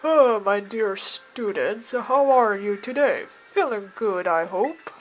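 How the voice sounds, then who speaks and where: A woman's voice: medium pitch, expressive, slow pace, soft background music, low-quality recording. A woman voicing a jovial middle-aged male language teacher, theatrical and dropping foreign words, read aloud from a game. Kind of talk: reading game dialogue aloud.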